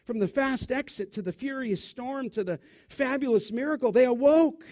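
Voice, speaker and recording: A man preaching a sermon in an animated, emphatic, conversational way, full of rhetorical questions. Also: very high voice, moderate pace.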